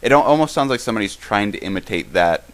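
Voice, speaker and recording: A man's voice: on the low side, animated. A young man co-hosting a live-stream podcast, rambling through his thoughts with lots of halts and restarts. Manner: rambling, halting, many restarts. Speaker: podcast co-host. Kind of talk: casual live-stream Q&A chat.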